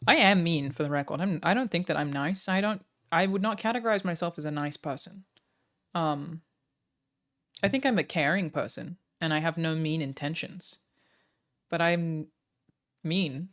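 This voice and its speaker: A woman's voice: low voice, moderate pace. An Australian woman livestreamer chatting casually with her viewers, joking and self-deprecating.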